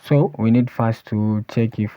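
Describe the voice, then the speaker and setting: A man teaching a coding tutorial, thinking aloud as he types and often pausing to say "let's see". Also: fairly low pitch, fairly even intonation, no echo. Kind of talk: screen-recorded coding walkthrough. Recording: dull lo-fi voice recording. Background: keyboard typing and clicks.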